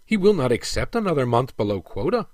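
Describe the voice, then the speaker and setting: A man's voice: mid-range voice, very animated, a little fast, a little mellow, no echo. A man voicing an earnest, pleading dwarf prince. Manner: pleading, earnest, a little raised. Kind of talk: audiobook character reading.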